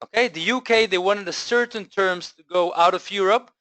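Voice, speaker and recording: High, bright-voiced male trading presenter. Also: moderate pace, no echo. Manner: energetic, keeps checking in with listeners with "okay?"; frequent fillers and self-corrections. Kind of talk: live online market lesson.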